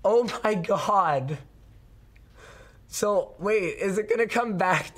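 A man with a hoarse, sick-sounding voice hosts a casual podcast chat. His pitch sits somewhat high for a man, and he rants with clear exasperation. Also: slow, a bit bright. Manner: exasperated, ranting. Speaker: show host.

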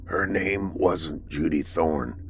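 A man voicing a frail, dying male inmate with a croaky voice, speaking slowly in a hushed near-whisper. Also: extremely low pitch, slight background noise, exaggerated voice. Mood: strained, confessing.

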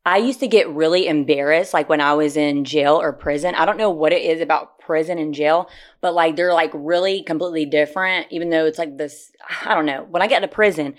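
A woman co-hosting a podcast in casual chat, brash and quick to laugh, swearing freely. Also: low-pitched, fairly even intonation. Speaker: podcast co-host.

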